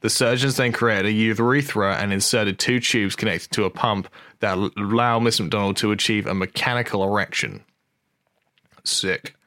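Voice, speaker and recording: A podcast host with a lowish voice reads a news story aloud and riffs on it. He is wry and loose, swears freely and trips over the lines. The recording is close and dry, with no room sound. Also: steady tone, moderate pace, pushed and bright, dry recording. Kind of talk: casual comic chat reading a news story aloud.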